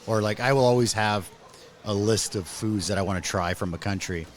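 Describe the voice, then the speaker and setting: Easygoing low-voiced male podcast host. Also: steady tone, normal speed. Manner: easygoing, lots of "okay" and "cool". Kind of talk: casual interview.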